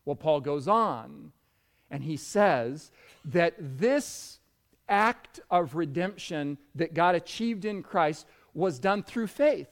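A man's voice: fairly high pitch, expressive, slow. A man preaching a sermon in an earnest manner, growing emphatic as he speaks.

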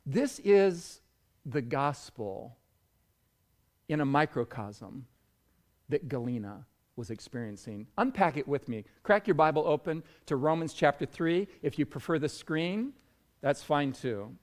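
Brief: male pastor, slightly higher voice, unhurried sermon delivery with lots of swing in pitch. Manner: animated storytelling preacher.

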